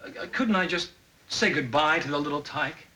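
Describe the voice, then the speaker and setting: A man's voice: on the high side, moderate pace, sharp tone. A man playing a flustered young man who hides a secret, wisecracking and stammering nervously. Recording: hiss of old TV soundtrack.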